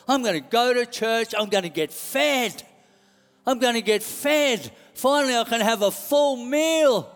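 Preacher doing an eager earnest spirit guy, high and fired up, echoey hall. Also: a little slow, clear, resonant tone. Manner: eager, declaiming. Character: eager earnest male spirit, driven by purpose.

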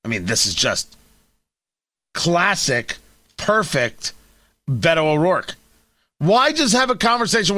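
A man's voice: a little high, very animated, a little slow, long pauses, bright, forceful tone, dry recording, clean studio sound. A man hosting a talk radio show, delivering sarcastic, mocking opinion commentary.

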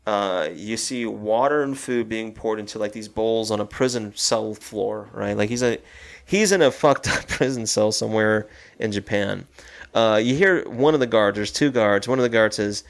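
His voice is on the low side and creaky, moving at a moderate pace. Co-hosting an easygoing film conversation, the man loosely retells a horror movie scene by scene, dramatizing its lines.

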